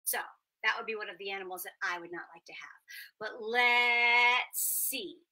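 A woman hosting an interactive children's storytime from her small apartment at home. She talks in an animated, playful way and makes sound effects along the way. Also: medium pitch, moderate pace, poor audio. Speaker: children's show host and storyteller.

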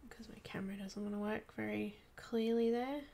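A woman chatting casually on a live coloring stream, soft-spoken, often dropping into murmurs and whispers as she works. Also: medium pitch, steady tone, a little fast, gravelly. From Australia. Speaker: livestream coloring artist.

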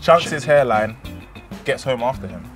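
A man's voice: medium pitch, expressive, a little slow. A young man reading out comments in casual, teasing banter, laughing often. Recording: music playing behind.

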